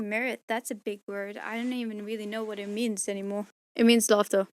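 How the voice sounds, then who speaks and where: A woman's voice: a little high, darkish tone, dry recording. A tired woman chatting casually to herself while recording an audiobook at home, rambling and joking between takes. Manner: tired, rambling, self-mocking. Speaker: audiobook reader recording outtakes. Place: home room.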